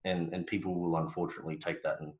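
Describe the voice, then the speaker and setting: A deep-voiced Australian man co-hosting a podcast in a relaxed, joking way, trailing off and restarting his sentences. His voice rings a little, as if the room has bare walls. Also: fast talker, reverberant, rough recording. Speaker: podcast co-host. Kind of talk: casual chat.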